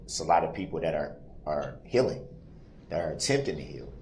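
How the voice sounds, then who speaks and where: A man with a very low, deep voice addresses a jury in a courtroom statement. He speaks softly and haltingly, breaking off with pauses and fillers, and a faint hiss sits under his words. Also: lively intonation.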